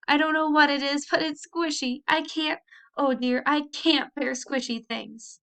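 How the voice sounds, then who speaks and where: A woman reading aloud and voicing a prim, fussy young girl cousin from the city with a high, whining voice. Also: animated, normal speed, a bit bright. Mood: sobbing. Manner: high whiny voice, sobbing.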